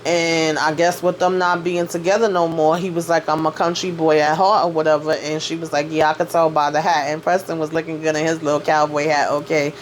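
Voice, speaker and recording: A woman's voice: sits low, flat delivery, brisk, hardly any pauses, slight background noise. A woman hosting a casual TV episode recap, chatty and opinionated, talking loosely with lots of filler words. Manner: chatty, loose and opinionated, full of "you know" and "like". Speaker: TV recap host.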